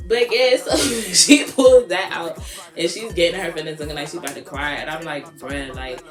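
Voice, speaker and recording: Sassy woman vlogger, lowish voice, echoey room. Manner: sassy, animated, drawn-out words. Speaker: beauty vlogger. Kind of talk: casual storytime vlog. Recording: echoey room with music behind.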